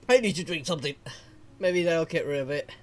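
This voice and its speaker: A male VTuber streamer reading game dialogue aloud slowly, with casual commentary, laughs and mild swearing. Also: fairly high pitch. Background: faint game music.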